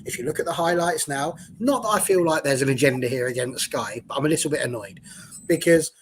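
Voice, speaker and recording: A man's voice: on the high side, animated, fast, slight background noise, rough recording. A man on a fan panel, talking football in a chatty, jokey way. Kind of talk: casual football discussion.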